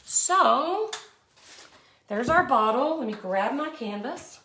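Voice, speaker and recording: A woman's voice: sits high, expressive, slow, sharp tone, slight background noise. A middle-aged woman hosting a live craft tutorial, chatty and folksy, greeting viewers by name as she works. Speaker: art tutorial host.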